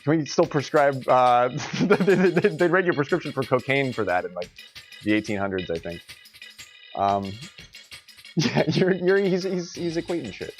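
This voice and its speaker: A man's voice: medium pitch, animated, moderate pace, soft background music. A young man hosting a live-streamed game tournament, rambling casually, joking and laughing often between his words.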